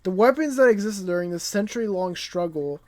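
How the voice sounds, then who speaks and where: A man voicing an old male genius scientist from a comic, reading his lines in a formal, lecturing storyteller tone, a little higher and louder than his own voice. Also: lively intonation, fairly quick. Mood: solemn lecturing.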